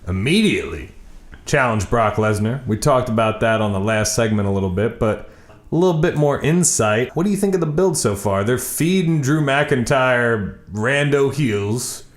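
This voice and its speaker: A man co-hosting a podcast in casual chat, animated, swearing freely and now and then breaking into silly voices. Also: mid-range voice, normal speed, echoey room. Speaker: podcast co-host.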